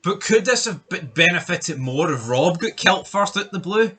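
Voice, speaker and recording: A man's voice: high voice, expressive, moderate pace, pushed and bright, breathy edge. A man co-hosting a casual chat, opinionated and steering the talk, often stumbling over his first words. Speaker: podcast co-host. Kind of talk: casual chat ranking TV deaths.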